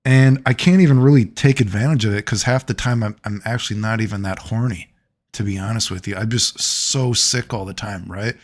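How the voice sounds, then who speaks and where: A man's voice: fairly low pitch, a little fast. A man vlogging, telling personal stories in a loose, rambling way, full of fillers and frequent laughter. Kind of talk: casual rambling storytelling.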